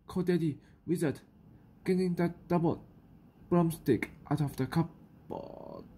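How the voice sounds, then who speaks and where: A woman with a New Zealand accent reading a children's picture book aloud, slowly and carefully, with small stumbles. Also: low voice, warm tone, husky. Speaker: storyteller.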